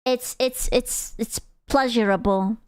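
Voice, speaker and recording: A woman's voice: fairly high pitch, fairly even intonation, slow, clear, resonant tone, dry recording. A woman streamer in casual live-stream chat, joking crudely and reacting to her chat.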